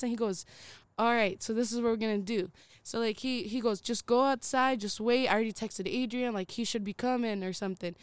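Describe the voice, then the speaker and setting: A young woman co-hosting a podcast, telling a story in a casual, animated way, swearing freely and acting out the voices of people in it. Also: a little high, fast, clear, resonant tone, no room sound. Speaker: podcast co-host.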